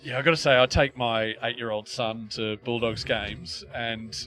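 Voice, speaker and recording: Bright-voiced comedian guest. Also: male voice, medium pitch, steady tone, soft background music. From Australia. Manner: quick wry quips and chuckles. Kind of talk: casual comedic chat.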